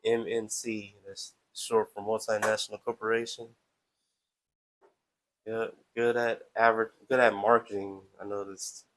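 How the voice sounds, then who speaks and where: A man's voice: fairly low pitch, flat delivery, measured pace, rough recording. A man hosting a live stream, talking casually in a playful, chatty, self-promoting way.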